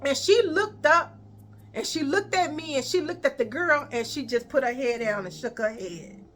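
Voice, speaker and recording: High bright Chicago woman telling a story. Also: moderate pace, soft background music. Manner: animated, profane, addresses viewers as y'all. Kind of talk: storytime vlog.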